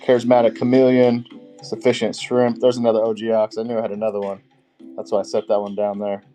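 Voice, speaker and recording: A man's voice: on the low side, completely flat delivery, fast talker, warm tone, faint music behind. A man hosting a live-stream auction, greeting viewers by name and rattling off card names.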